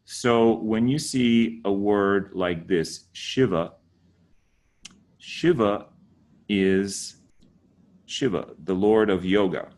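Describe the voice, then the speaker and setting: Casual male teacher, slightly low voice, teasing, mock-exasperated delivery. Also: slow, darkish tone. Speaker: Sanskrit teacher. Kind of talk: casual spoken tutorial.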